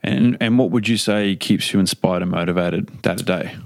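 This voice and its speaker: A man's voice: sits low, normal speed, creaky, no room sound, studio quality. A man hosting an interview, asking his questions casually and with hesitant restarts.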